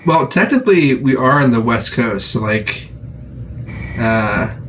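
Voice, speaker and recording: A man's voice: mid-range voice, expressive, a little slow, a bit bright, a little hiss or hum, poor audio. A young man co-hosting a podcast in casual chat, joking and teasing and often laughing. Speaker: podcast co-host.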